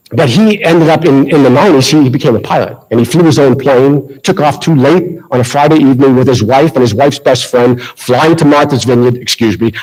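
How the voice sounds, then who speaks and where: A man's voice: mid-range voice, poor audio. A middle-aged man with a Boston accent, telling a self-deprecating story in a speech at a school ceremony. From Massachusetts. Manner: anecdotal, self-deprecating, lively retelling. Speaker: ceremony speaker. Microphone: handheld mic.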